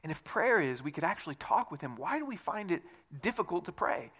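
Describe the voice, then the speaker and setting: A man with a high, bright voice gives a sermon in a loose, conversational way. He jokes at his own expense and talks as a pastor would to his congregation. His tone is lively and clear. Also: brisk. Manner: conversational, self-deprecating asides.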